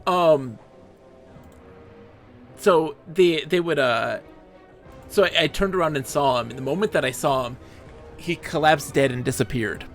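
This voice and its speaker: A man's voice: on the high side, unhurried, pauses often, faint music behind. A young man streaming a game, chatting enthusiastically and rambling with frequent laughs. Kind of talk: casual live-stream game commentary.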